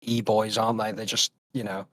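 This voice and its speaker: A young man from Britain talks in a loose, rambling way, stacking fillers and repeating himself. His pitch jumps up eagerly, and the sound is dry and close. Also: flat delivery, fairly quick, a bit bright, no echo. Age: young adult. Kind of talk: casual chat.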